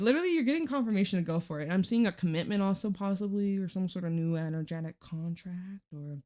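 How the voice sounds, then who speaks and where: A woman giving a casual tarot reading to camera, chatty and reassuring, swearing casually and jumping between thoughts. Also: medium pitch. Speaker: tarot reader.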